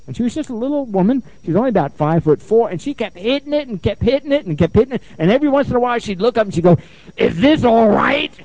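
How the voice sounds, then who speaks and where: A middle-aged man, a therapist, lecturing and telling stories from his practice, animated and given to repeating phrases for emphasis. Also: very high-pitched, racing, few pauses, dry recording. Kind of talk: lecture with anecdotes. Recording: dull, muffled lo-fi sound.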